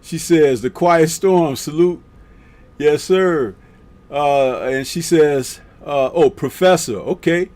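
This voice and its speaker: A man hosts a live boxing talk stream in a slow, unhurried drawl. He reads out viewer comments one by one and answers them with easygoing, chuckling asides. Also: on the high side, darkish tone. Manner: laid-back, drawn-out, chuckling asides.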